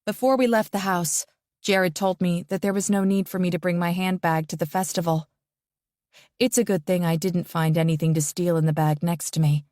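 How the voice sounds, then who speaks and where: A woman narrating a first-person psychological thriller audiobook in a tense, measured way. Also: on the low side, steady tone, a little mellow, no echo, clean studio sound.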